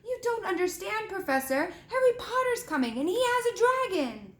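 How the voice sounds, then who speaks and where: A woman voicing a sneaky, spoiled schoolboy who pleads in a high, whiny voice, recorded in an echoey room. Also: sing-song, normal speed. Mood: pleading. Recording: echoey room with faint ambience.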